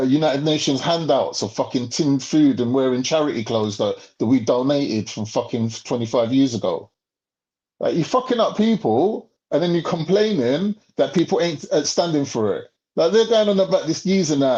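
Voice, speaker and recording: A man's voice: fairly high pitch, dark tone. A man ranting in casual, profane podcast talk. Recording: slightly muffled lo-fi audio.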